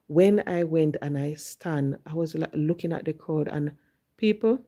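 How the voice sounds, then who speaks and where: A woman's voice: low-pitched, warm tone. A woman from Jamaica with a Jamaican accent, telling a personal story and slipping into Patois when she quotes herself.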